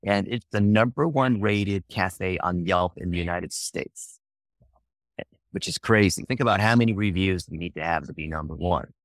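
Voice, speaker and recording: A man speaking as a podcast guest, telling marketing stories in an animated, emphatic way. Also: sits low, normal speed, no room sound. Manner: animated, emphatic, jumps into acted quotes. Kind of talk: casual interview storytelling.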